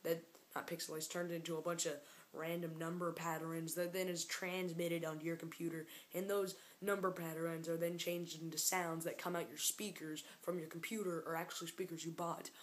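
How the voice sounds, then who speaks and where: Rambling, jokey woman vlogger, lowish voice. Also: a little hiss or hum. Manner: rambling and jokey, keeps getting sidetracked. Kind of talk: casual vlog. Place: room alone, upstairs. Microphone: camera mic.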